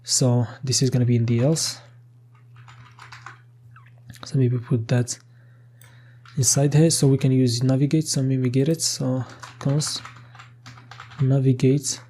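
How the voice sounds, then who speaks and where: A man's voice: medium pitch, fairly even intonation, slow, long pauses, warm tone, slight background noise. A man talking through a coding tutorial as he types, thinking aloud with frequent "okay" and casual restarts, with keyboard typing behind him. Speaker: programming tutor. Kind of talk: screen-recorded coding tutorial.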